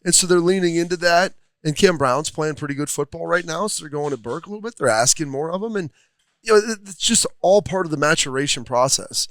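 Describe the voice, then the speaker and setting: A man's voice: fairly high pitch, lively intonation, fairly quick, a bit bright, dry recording. A man, a former football player, giving rambling, thoughtful casual sports talk in a restaurant studio. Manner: thoughtful, rambling, many fillers.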